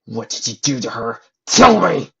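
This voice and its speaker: A man reading an enraged young male pony fighter who shouts in fury, for a fanfic reading. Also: medium pitch, flat delivery, a little fast, slightly rough, muffled recording. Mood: furious. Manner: shouting, furious.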